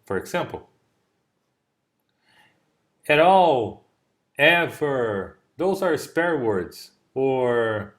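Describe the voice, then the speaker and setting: A man's voice: medium pitch, big pitch swings, drawn-out words, pauses often, a bit bright. Male tutor on a video call. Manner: explains patiently with examples, checks understanding. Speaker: English tutor. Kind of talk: online English lesson.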